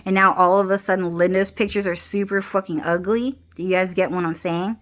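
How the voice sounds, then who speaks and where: A woman's voice: lowish voice, fairly even intonation, a little fast. Rambling, foul-mouthed young woman vlogging. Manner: rambling, swears a lot, restarts and repeats phrases, laughs often. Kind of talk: rambling casual vlog.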